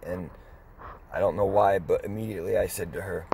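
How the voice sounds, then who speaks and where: Middle-aged man, low voice, casual storyteller who rambles with pauses and restarts. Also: fairly even intonation, vocal fry, noisy background. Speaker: dog vlogger.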